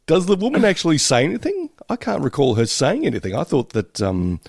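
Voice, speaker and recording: A man's voice: on the high side, fairly quick, vocal fry, dry recording, studio quality. A man chatting casually as a podcast co-host, joking and acting out little voices. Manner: animated, jokey, acts out little voices. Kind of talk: casual chat reviewing a sitcom.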